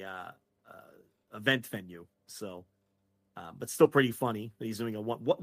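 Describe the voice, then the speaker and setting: A man's voice: medium pitch, a bit bright, no echo. A man co-hosting a wrestling podcast, joking and mock-indignant in casual banter on a close mic. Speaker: podcast co-host. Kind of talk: casual chat.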